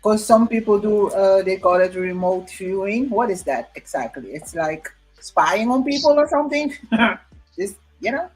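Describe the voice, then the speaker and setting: Brief: slow, musing chatter with hums, faint music behind. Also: mid-range voice, lively intonation, low-quality recording. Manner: slow, musing, many hums and small laughs. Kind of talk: casual chat.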